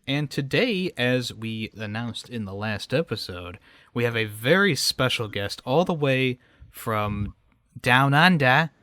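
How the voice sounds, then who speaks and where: A man's voice: mid-range voice, expressive, unhurried, a bit bright, dry recording. A man hosting a casual movie podcast, chatting loosely and correcting himself as he goes. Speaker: podcast host.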